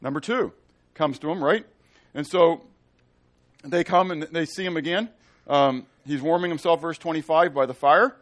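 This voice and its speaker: A man's voice: on the high side, moderate pace. A man preaching a sermon in a casual, playful way, often acting out the people in his story. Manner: animated, playful, acts out quotes. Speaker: pastor.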